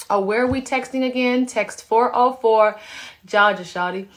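A woman in her thirties hosting a casual live stream from home on a phone, chatting with viewers and reading out their comments in a relaxed, chatty way. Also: mid-range voice, normal speed. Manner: relaxed, chatty, laughing asides. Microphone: phone camera.

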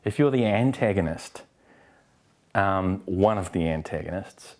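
A man from New Zealand, middle-aged, answers interview questions about his acting work in a candid, expressive way. His voice sits low and deep. He slips into quoted exchanges as he goes. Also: measured pace. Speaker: actor interviewee.

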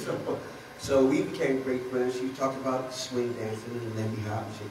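A man's voice: medium pitch, fairly even intonation, normal speed, a little mellow, slight background noise. A man on a festival panel telling rambling anecdotes about dance history, with laughs in between. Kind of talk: storytelling talk. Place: large hall at a festival. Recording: echoey room from far off.

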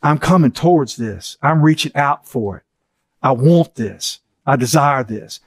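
A man's voice: mid-range voice, expressive, a little slow, no room sound. A middle-aged man giving an earnest teaching session, repeating key phrases for emphasis.

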